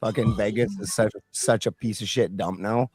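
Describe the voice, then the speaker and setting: Low-voiced blunt, swearing man. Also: fairly even intonation, moderate pace, darkish tone, slightly rough, dry recording, clean studio sound. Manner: blunt, profane storytelling. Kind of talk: casual group chat.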